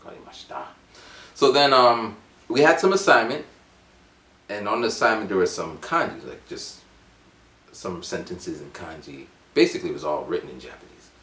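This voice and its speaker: A man in his forties telling a rambling, animated story at home. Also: lowish voice, normal speed, echoey room. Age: 40s. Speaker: vlogger. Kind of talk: casual storytelling vlog.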